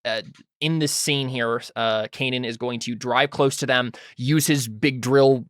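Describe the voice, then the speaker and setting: A man's voice: medium pitch, fairly even intonation, measured pace, fairly bright tone, no echo. Guy running a tabletop game, um-heavy and easygoing, dry close sound. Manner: loose, filler-heavy, asks players questions. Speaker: game master.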